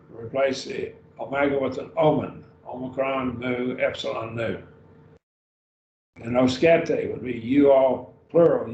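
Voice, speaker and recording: Slow, patient man teaching a class. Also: mid-range voice, darkish tone, a little hiss or hum. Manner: slow, patient, repeats each word form. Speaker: Greek teacher. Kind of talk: classroom grammar lesson. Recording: lo-fi roomy recording from a distance.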